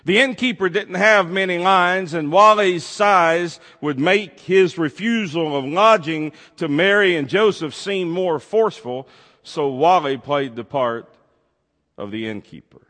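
A man telling a heartfelt true story, expressive, swinging between loud and hushed. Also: sits high, a little slow. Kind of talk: emotional storytelling. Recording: long hall reverb.

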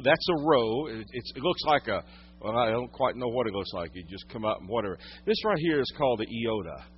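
A man preaching a sermon, teaching from the Bible, swinging from loud emphatic lines to hushed quiet ones. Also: medium pitch, lo-fi sound, a little hiss or hum. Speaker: pastor.

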